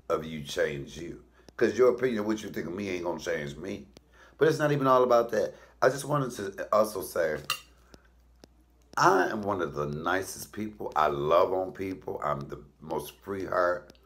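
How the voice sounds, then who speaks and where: A middle-aged comedian tells blunt, profane stories while he cooks. His voice is low and gravelly, and his pitch jumps around a lot. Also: lively intonation, moderate pace, a bit bright. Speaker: comedian and cooking show host. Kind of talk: casual comic storytelling while cooking.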